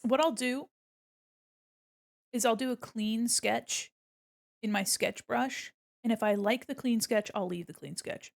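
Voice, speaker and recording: A woman livestreaming as she draws, chatting casually to her viewers and narrating her own work. Her voice sits a little high and carries a gravelly fry, and she takes her time, breaking into silly asides and laughter. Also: measured pace, long pauses. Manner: chatty and jokey, talking to herself while working. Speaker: streamer. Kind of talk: casual chat while drawing on a livestream.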